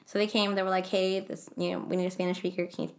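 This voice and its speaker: A woman's voice: fairly low pitch, level tone, fast. A young woman telling a personal story in a casual chat, rambling with lots of fillers and self-corrections.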